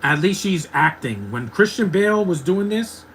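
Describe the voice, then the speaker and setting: A man's voice: high-pitched, expressive, normal speed, a bit bright, a little hiss or hum, poor audio. A man in his thirties giving opinionated, ranting live commentary while watching a movie, laughing often. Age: 30s.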